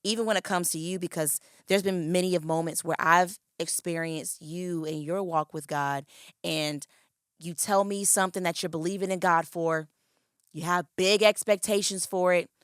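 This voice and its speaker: A woman's voice: lowish voice, fairly even intonation, moderate pace, clear, resonant tone, dry recording, clean studio sound. A woman co-hosting a faith talk show, speaking in an earnest, emotional, confiding way. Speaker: co-host.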